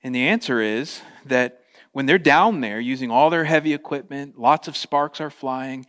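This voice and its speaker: A man preaching a sermon, animated, slipping into playful voices for quotes. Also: mid-range voice, moderate pace. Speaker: pastor.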